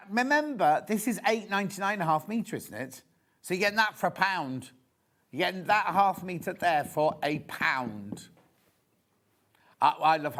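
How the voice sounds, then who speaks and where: A man with a fairly high, slightly bright voice presents a live TV shopping show from a studio. He shows fabrics, chatting and gossiping enthusiastically as he sells.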